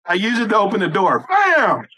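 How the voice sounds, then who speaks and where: A man performing a crude stand-up comedy set, shouting punchlines and acting out voices. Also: sits high, lively intonation, moderate pace, poor audio. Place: rooftop event.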